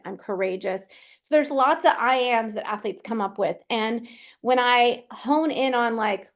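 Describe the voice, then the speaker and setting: A woman coach talking casually in a solo Q&A, chatty, with frequent "right?" tags and restarts. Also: fairly high pitch. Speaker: performance coach and physical therapist.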